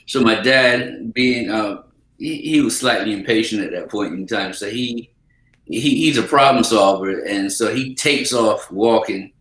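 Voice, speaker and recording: A man's voice: fairly low pitch, measured pace. A man casually telling a funny story as a podcast host, chuckling often as he goes. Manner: animated anecdote teller who chuckles often. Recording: roomy echo.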